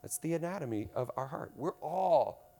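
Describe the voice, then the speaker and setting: A man preaching a sermon to a congregation, swinging from loud emphasis to hushed tones and asking the room questions. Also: a little high, expressive, normal speed, slight background noise. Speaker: pastor.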